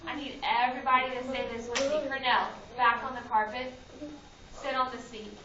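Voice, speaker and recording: High-voiced woman teacher, roomy classroom. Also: little pitch movement, normal speed, noisy background. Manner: sing-song, calls students by name, gives firm directions. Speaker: kindergarten teacher. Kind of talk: classroom phonics lesson. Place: classroom with children on a rug. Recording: roomy, distant, dull classroom camera recording. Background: children's voices.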